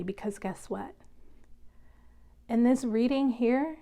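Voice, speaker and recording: A woman's voice: mid-range voice, unhurried, gravelly, a little mellow. A woman giving a casual tarot reading, chatty and rambling, often breaking into laughter. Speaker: tarot reader.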